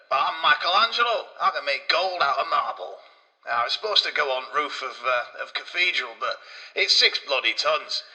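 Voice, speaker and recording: A man's voice: medium pitch, bright, forceful tone, rough recording. A man voicing a crude, boastful Renaissance sculptor in a comedy podcast sketch.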